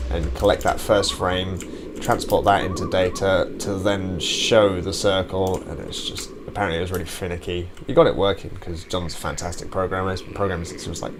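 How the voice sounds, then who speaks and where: A young man hosting his own gaming channel, rambling chattily while playing and shouting curses at the game. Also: sits low, noisy background. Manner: swears and yells at the game; chatty and rambling between outbursts. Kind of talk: gameplay commentary.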